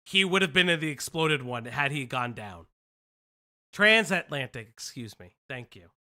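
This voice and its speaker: A stream host from the United States giving excitable casual commentary, swearing and restarting sentences. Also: mid-range voice, moderate pace.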